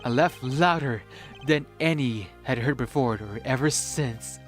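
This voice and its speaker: A man streaming a story game, reading its narration slowly and dramatically and reacting excitably. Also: mid-range voice, faint music behind.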